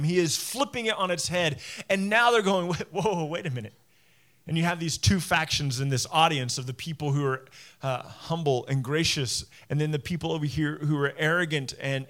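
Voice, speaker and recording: A man preaching to his church in a slightly raised voice. He talks conversationally, acting out what people say and tripping over his restarts. His pitch swings up and down as the sermon goes on. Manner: conversational preaching with animated acted-out quotes and restarts. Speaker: pastor.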